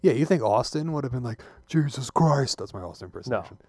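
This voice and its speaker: A man's voice: medium pitch, lively intonation, rapid-fire, a little mellow, no room sound, studio quality. A young man co-hosting a casual sports podcast, blunt and sarcastic, swearing freely. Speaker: podcast co-host.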